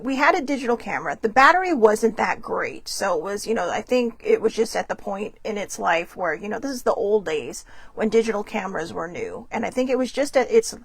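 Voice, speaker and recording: A woman's voice: mid-range voice, gravelly, husky, dry recording. A woman hosting her own livestream, telling a story in a rambling, chatty way and laughing often. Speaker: host.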